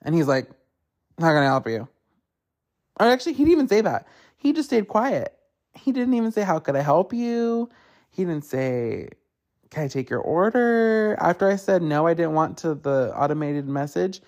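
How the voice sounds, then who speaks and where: Male podcast host, casual profane storyteller, fry in the voice, plays out other people's lines. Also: high voice, lively intonation, moderate pace, a little mellow. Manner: acts out others in quotes. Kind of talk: casual solo rant.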